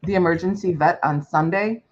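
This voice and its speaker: A woman's voice: on the low side, moderate pace. A woman chatting casually on a crafting livestream in an easygoing, agreeable way. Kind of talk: casual chat. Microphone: video call. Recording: dull, slightly noisy call audio.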